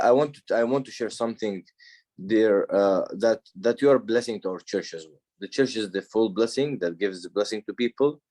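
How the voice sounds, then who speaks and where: A man who is a priest hosting a conversation, speaking haltingly with many pauses and restarts. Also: on the low side. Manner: hesitant, warm-hearted, halting phrasing. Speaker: priest, host. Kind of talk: conversational interview.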